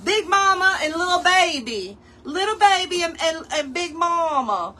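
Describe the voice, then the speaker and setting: Bright, chatty woman crafting. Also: very high-pitched, very animated, unhurried. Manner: playful, chatty, talks straight to viewers and chat, laughs often. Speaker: craft tutorial host. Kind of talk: casual chatty craft livestream.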